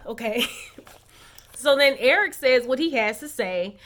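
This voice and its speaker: A woman talks straight to her viewers in a casual recap vlog, sassy and animated as she dishes on the latest episode. Her voice sits high and comes across bright and sharp. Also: unhurried. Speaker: recap vlogger. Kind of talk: casual reality-show recap.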